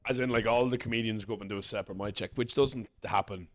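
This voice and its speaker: A young man, a podcast co-host and comedian, joking and swearing in quick casual banter. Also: fairly low pitch, steady tone, fairly bright tone. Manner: jokey, swears a lot, quick asides.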